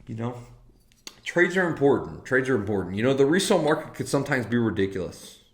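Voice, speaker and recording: A man's voice: mid-range voice, very animated, fast talker, echoey room. A man hosting a casual whiskey live stream, enthusiastic and swearing freely as he talks to viewers in chat. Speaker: whiskey livestream host.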